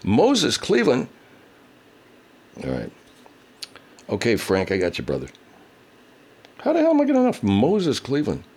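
Mellow and fairly low-pitched, a man's voice swoops wildly as he hosts a casual livestream at a moderate pace, pausing often. He reads viewer comments, swears heavily, rants angrily, and uses baby talk with his pet cat.

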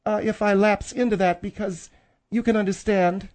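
A man's voice: high voice, fairly even intonation, moderate pace, a little mellow, pitched above the performer's own voice, close to an everyday voice. A man voicing a prissy, snobbish middle-aged woman co-host on a comedy talk show, pompous and affected. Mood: haughty. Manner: pompous, affected, catty asides. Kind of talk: comedic talk radio banter.

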